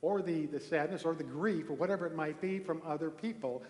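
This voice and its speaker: A man giving a relaxed, conversational sermon from a temple hall, telling a story with pauses and restarts. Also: fairly high pitch. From Norway. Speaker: minister giving a talk. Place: large echoey temple hall. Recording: echoey hall with long reverb.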